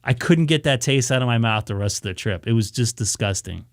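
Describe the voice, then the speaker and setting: Man, casual storyteller, animated, dry close sound, mid pitch. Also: brisk, dry recording. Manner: animated, acts out his own reactions, many restarts. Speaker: ham radio live streamer. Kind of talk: casual storytelling on a live stream.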